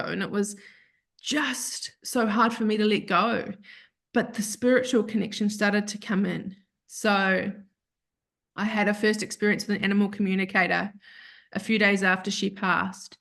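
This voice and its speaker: A woman's voice: mid-range voice, steady tone, moderate pace, fairly bright tone. A woman, a podcast guest, telling a heartfelt personal story in a rambling, self-correcting way that turns tearful at times. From Australia.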